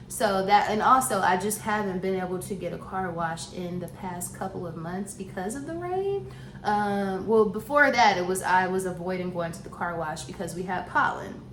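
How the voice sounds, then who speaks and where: A woman chatting casually as a vlogger, laughing often and restarting her sentences, a little out of breath. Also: medium pitch. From Southern US. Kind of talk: casual chat to camera. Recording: echoey room with faint noise.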